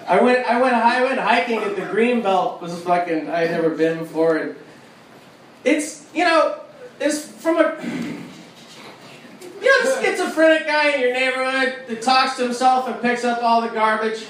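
A man doing a live stand-up set, ranting loudly and profanely on a club stage while the audience laughs. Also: very high-pitched, animated, moderate pace, a little hiss or hum. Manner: loud, profane, ranting delivery. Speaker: stand-up comedian. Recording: echoey club recording from a distance. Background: audience ambience and laughter.

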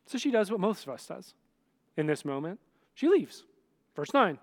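A man's voice: high voice, sing-song, normal speed, pauses often. A male pastor giving a conversational sermon, often checking in with the listeners and acting out scenes. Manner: dramatic, acts out scenes.

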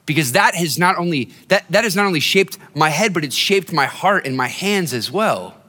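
A man's voice: on the high side, expressive, moderate pace, pushed and bright. A male pastor preaching a sermon in a conversational, storytelling way, often restarting his phrases. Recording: long hall reverb.

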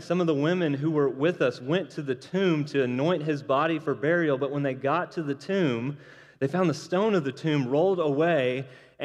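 A man's voice: a little high, long reverb tail. A man preaching a sermon, telling stories with energy and acting out the voices of the people he quotes. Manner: animated storytelling, acts out quoted voices.

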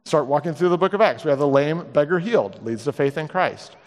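A middle-aged man preaching a sermon in a church, telling stories in a comic, animated way and acting out the voices. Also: on the high side, a little fast, long reverb tail. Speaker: guest preacher. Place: church sanctuary.

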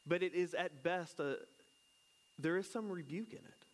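A man in his thirties or forties preaching a relaxed sermon in an easy, chatty way. He jokes and asks his listeners questions as he walks through a Bible passage. His voice sits a little higher than most men's. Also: normal speed. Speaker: pastor. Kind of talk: casual conversational sermon.

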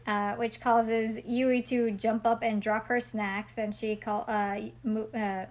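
A woman's voice: a little high, flat delivery. A woman co-hosting a podcast, casually recapping an anime episode and chiming in with wry jokes. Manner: wry, chimes in with quick jokes. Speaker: podcast co-host.

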